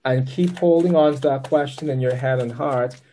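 Mellow-voiced man giving a tarot reading. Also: medium pitch, normal speed, a little hiss or hum. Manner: upbeat, chatty, gives patient step-by-step directions. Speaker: tarot reader. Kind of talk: live tarot reading session.

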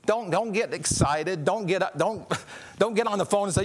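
A man preaching a sermon in a conversational way, often repeating and restarting words and rising in pitch when he stresses a point. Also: sing-song, a little fast. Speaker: pastor.

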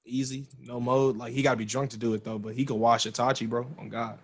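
A man's voice: medium pitch, level tone, quick pace, breathy edge. Slangy laughing man in casual banter. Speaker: podcast co-host. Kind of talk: casual podcast chat.

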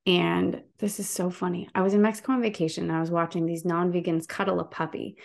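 A woman's voice: fairly low pitch, little pitch movement, fast, vocal fry. A woman, a guest activist, talking passionately in a casual interview and telling stories with frequent restarts.

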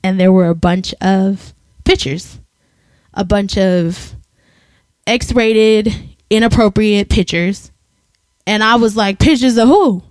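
A woman co-hosting a podcast, chatting casually and telling a personal story with animated, acted-out quotes. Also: mid-range voice, slow, pauses often, clear, resonant tone, dry recording. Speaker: podcast co-host. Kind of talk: casual chat.

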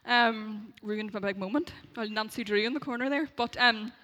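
Animated Northern Irish woman telling her testimony. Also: on the high side, normal speed. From Derry, Northern Ireland. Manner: animated, laughs through her story, acts out the voices she quotes. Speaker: speaker sharing a faith testimony. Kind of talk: personal testimony storytelling.

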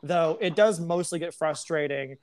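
A woman's voice: deep voice, moderate pace, a little mellow. A woman talking as a podcast guest in casual, candid chat, rambling with many fillers.

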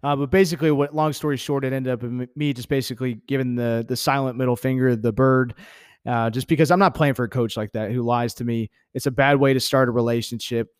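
Young male podcast host from Texas, casual storytelling, blunt and profane, mid-pitched, dry close sound. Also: steady tone, quick pace, smooth, no echo. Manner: candid, profane, heated with laughs.

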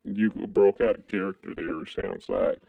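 A man from Kentucky co-hosting a crude comedic podcast, talking in an animated way with sudden high exclamations. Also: normal speed, creaky, no room sound, phone-quality sound. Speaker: podcast co-host.

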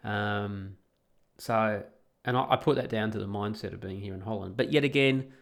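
A man's voice: fairly low pitch, normal speed, vocal fry. A man hosting a solo podcast, talking in a blunt, sweary, sarcastic way. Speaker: podcast host.

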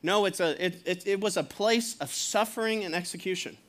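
A male pastor gives a sermon in a relaxed, conversational voice that sits fairly high. He chuckles as he goes and slips into acted quotes. He speaks plainly to a church. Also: a little fast.

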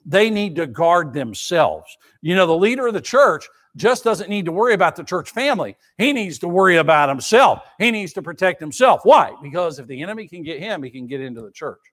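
A man preaches a sermon in a high voice. He is emphatic and repeats himself for effect, asking the congregation rhetorical questions as he goes. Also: very animated, brisk, few pauses, a bit bright. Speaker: pastor.

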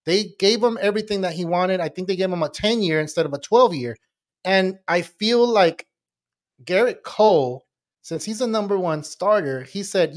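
Male co-host, high voice, rambling and casual sports talk. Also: normal speed. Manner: loose, rambling, laughs often. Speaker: podcast co-host.

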